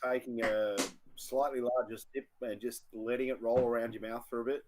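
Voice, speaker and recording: A man's voice: medium pitch, flat delivery, moderate pace. An Australian man co-hosting a casual whisky tasting chat, thoughtful and trailing off mid-sentence. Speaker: whisky show co-host.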